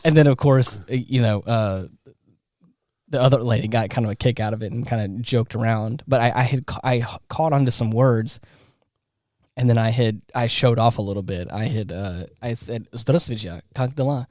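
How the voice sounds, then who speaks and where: A man co-hosts a podcast and tells a story at a relaxed, meandering pace, leaning on fillers and false starts. His pitch sits in an ordinary middle range. The recording is dry and close, with no room sound. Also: moderate pace, no room sound. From Southern United States. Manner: rambling, with many fillers and restarts. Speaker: podcast co-host. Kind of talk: casual storytelling chat.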